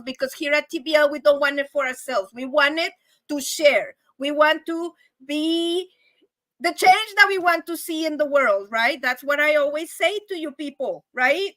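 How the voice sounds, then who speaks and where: A woman talks to her viewers on a live show, her voice high and bright. She is chatty and emotional, thanking people warmly, and the sound is dry and close to the mic. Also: no room sound. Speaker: channel host. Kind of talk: casual livestream chat.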